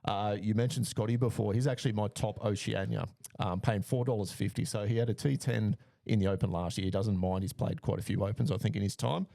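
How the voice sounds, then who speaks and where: A man co-hosting a casual podcast, running through names and betting odds in a relaxed way with frequent fillers. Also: on the low side, fairly quick, vocal fry, hardly any pauses, dry recording. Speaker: podcast co-host giving betting picks.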